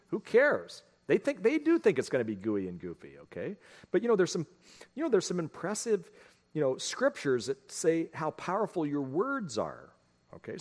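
A middle-aged pastor with a highish, darkish voice speaks plainly to his congregation in the sanctuary, weaving family stories into a folksy, conversational sermon.

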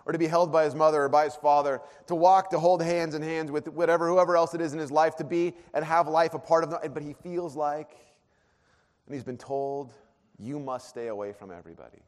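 A man preaching a sermon, earnest, dropping to a hush and then rising to emphatic peaks. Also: a little high, little pitch movement, a little fast. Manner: earnest, swings from hushed to emphatic. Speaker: pastor. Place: church auditorium. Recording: long hall reverb.

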